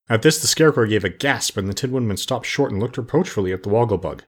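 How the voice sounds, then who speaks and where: A man reading a storybook aloud in a measured, steady narration. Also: lowish voice, slightly rough. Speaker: audiobook narrator.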